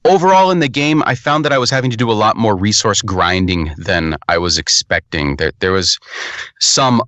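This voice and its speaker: Man, podcast co-host, casual game review, rambling and profane, bright tone, dry close mic. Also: on the low side, animated, moderate pace, no echo. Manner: rambling, profane, restarts often.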